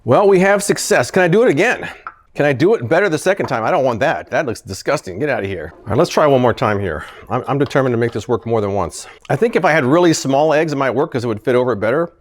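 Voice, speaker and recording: A man's voice: medium pitch, animated, fast talker. A man hosting a casual product-testing vlog, talking animatedly and often sounding exasperated, chuckling when a gadget fails. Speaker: product reviewer, channel host.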